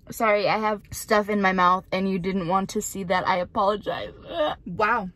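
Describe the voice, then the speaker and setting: A woman's voice: mid-range voice, expressive, normal speed, hardly any pauses, fairly bright tone. A young woman vlogging from inside her parked car, chatting casually in a rambling, giggly way that startles easily. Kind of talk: casual vlog chat.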